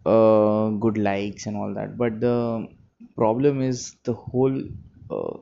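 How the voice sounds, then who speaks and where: A man's voice: fairly low pitch, vocal fry, warm tone. A man, a music producer, thinking aloud in a rambling, reflective daily monologue, sleepy and yawning. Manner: reflective, rambling, self-correcting. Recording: dull lo-fi recording, faint background hum.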